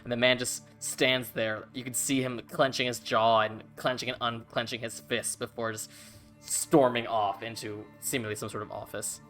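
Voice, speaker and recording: Man, game master, tabletop narration, bright tone, casual, faint music behind. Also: mid-range voice, moderate pace. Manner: relaxed, casual, filler-heavy.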